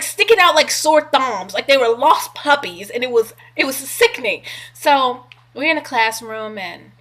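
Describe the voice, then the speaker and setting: Middle-aged woman, kinda high voice, chatting a story to camera, swearing, lively. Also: normal speed. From California. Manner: animated, profane, acts out quoted voices. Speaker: vlogger. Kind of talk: casual storytelling.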